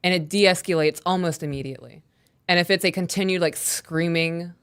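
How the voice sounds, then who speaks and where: A woman co-hosting a podcast live stream, reading listener questions and calmly explaining how she handles her kids. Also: low-pitched. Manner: calm, measured, reads out listener questions. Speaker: podcast co-host. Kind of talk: casual live-stream Q&A chat.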